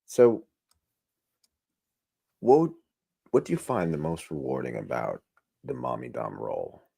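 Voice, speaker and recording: A man hosting a podcast interview, chatty and encouraging, with quick affirmations. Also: rumbling low, huge pitch swings, gravelly, mellow, breathy edge. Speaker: podcast host. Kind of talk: casual interview talk.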